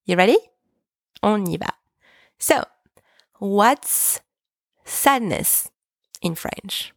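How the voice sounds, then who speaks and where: A woman hosting a language lesson podcast, speaking slowly and clearly and repeating each phrase so listeners can practice. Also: medium pitch, lively intonation, dry recording, clean studio sound. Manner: slow, careful, repeats French words for practice. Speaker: French teacher, podcast host.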